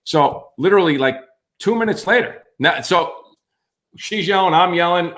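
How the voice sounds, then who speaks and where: A man's voice: a little high, unhurried. A man, a firefighter on a podcast, telling a story in casual chat and acting out the voices of the people in it. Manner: animated, acts out other voices.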